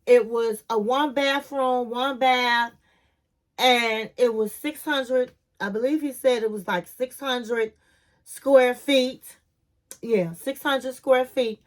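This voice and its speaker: A woman's voice: a little high, slow pace. A woman from Chicago giving a blunt, sassy reality TV recap in casual chat, acting out the cast's lines as she goes.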